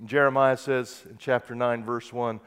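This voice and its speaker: A man preaching a sermon who reads scripture aloud and swings from quiet, soft passages to loud, impassioned peaks. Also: mid-range voice, little pitch movement, normal speed, clear, resonant tone. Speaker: pastor.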